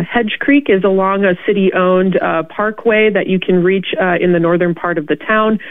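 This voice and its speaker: A woman's voice: lowish voice, no echo. Woman on a tinny phone line. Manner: informative, steady, with frequent ums. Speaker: city mayor, guest. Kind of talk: radio interview answers.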